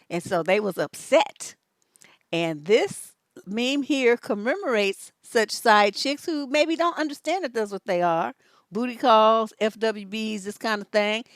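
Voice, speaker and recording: Give me an animated, cheeky older woman commenting on a live stream with a fairly high voice. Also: dry recording, clean studio sound. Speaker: relationship coach.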